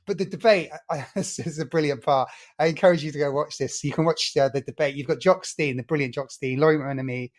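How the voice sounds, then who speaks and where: A fast-talking man with a voice on the high side co-hosts a casual football podcast. He tells stories with real enthusiasm.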